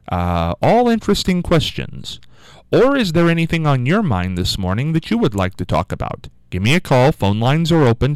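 A man's voice: medium pitch, clean tone, dry recording. A man hosting a local call-in radio show, rambling in a folksy way with many fillers and restarts. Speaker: radio talk show host. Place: radio studio. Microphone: studio microphone.

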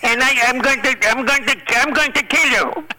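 A man putting on the voice of a jealous newlywed husband who threatens him, speaking high and outraged. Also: normal speed, pushed and bright, soft background music, full character voice. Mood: jealous threatening. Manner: high squeaky outraged delivery.

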